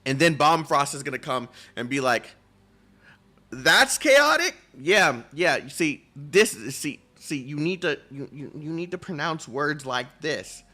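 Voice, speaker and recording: Man, streamer, reads game dialogue aloud, trips over words, jokey banter, bright tense tone. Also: a little high, moderate pace, few pauses. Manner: stumbles over words and laughs at himself; loose, joking banter with swearing.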